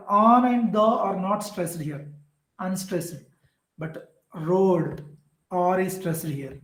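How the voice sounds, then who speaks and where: A man's voice: high voice, slow, reverberant, low-quality recording. A man teaching an exam-prep literature lecture, explaining patiently and repetitively with frequent "uh" fillers. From southern India.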